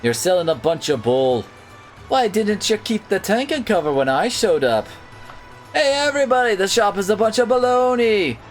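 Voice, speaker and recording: Man doing a cocky young sailor, rough accent. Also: high voice, very animated, normal speed, faint music behind, voice pushed up. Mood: taunting. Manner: attempted Jamaican accent. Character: brash young male sailor, cocky troublemaker.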